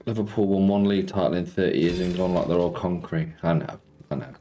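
A man's voice: deep voice, fairly even intonation, fast, mellow, soft background music. A man streaming casino slots, chatting casually and greeting viewers by name as he banters about football. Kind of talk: casual live-stream chat.

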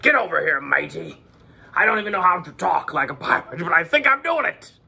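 A man's voice: high voice, big pitch swings, brisk, creaky, pushed and bright, breathy edge, full character voice. A man in his forties putting on the voice of a jolly, playful pirate for a children's lesson, with growly "arr"s between his jokes. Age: 40s.

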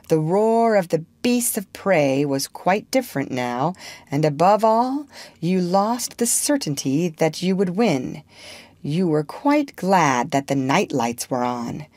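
A woman narrating a children's classic for English learners in a measured, expressive storytelling manner. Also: low-pitched, no room sound.

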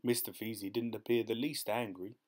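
Male audiobook narrator, measured storytelling. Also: on the low side, fairly even intonation.

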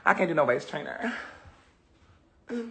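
A sassy, animated woman chatting on a phone livestream, reading viewer comments and laughing often. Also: on the low side, moderate pace, noisy background. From Atlanta, USA. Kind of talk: casual livestream chat.

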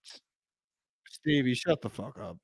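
A man talking as a podcast guest in brash, profane, rambling casual chat, swinging between loud outbursts and low mutters. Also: animated, unhurried, vocal fry, husky, no room sound.

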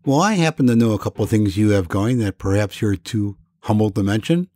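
A man's voice: on the low side, animated, fairly quick, dark tone, no echo, studio quality. A man hosting a podcast, speaking in a friendly, plainspoken way in casual chat. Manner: friendly, plainspoken, a few fillers. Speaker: podcast host.

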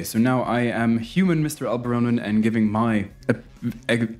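Rambling, animated male YouTube host. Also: medium pitch. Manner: rambling and animated, with frequent restarts and chuckles. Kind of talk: casual commentary.

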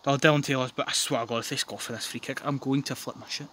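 A young man commentates on his football game with jokey, foul-mouthed excitement, his voice sitting at an ordinary middle pitch. He swings between muttering and sudden yells. He records outdoors in his back garden, with faint outdoor ambience behind him. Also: quick pace, a little hiss or hum. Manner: sweary, jokey, bursts into yelling. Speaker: gaming commentator.

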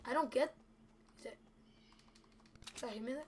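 A woman's voice: high-pitched, normal speed, darkish tone, slight background noise. A young woman giving live gameplay commentary, chatty and anxious, talking straight to her viewers. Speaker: gameplay video creator.

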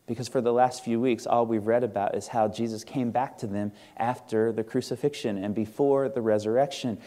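A man's voice: mid-range voice, fairly even intonation, fairly quick, mellow. A male pastor preaching a sermon in a church, earnest and conversational, asking the congregation questions. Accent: Midwestern American. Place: church sanctuary.

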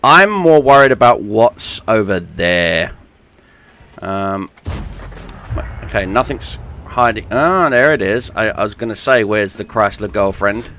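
A man's voice: fairly low pitch, animated, slow pace, pushed and bright, slight background noise. A young British man giving casual, joking gameplay commentary, with lots of ums and uhs. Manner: chatty, joking, many fillers. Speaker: gaming YouTuber.

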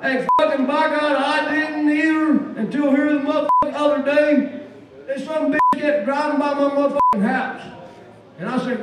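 A man doing profane, rambling stand-up on a stage in front of a large crowd, shouting his punchlines. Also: very high-pitched, moderate pace. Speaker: stand-up comedian. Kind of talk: stand-up storytelling. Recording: echoey live venue, distant mic, noisy.

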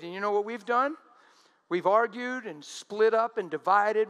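Animated high-voiced male preacher. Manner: animated, drawn-out emphatic quotes. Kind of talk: sermon.

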